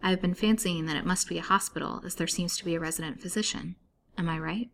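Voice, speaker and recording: A woman's voice: on the low side, fairly even intonation, quick pace, a little hiss or hum, lightly acted. A woman voicing a frightened young woman held prisoner, who speaks in an earnest, pleading way.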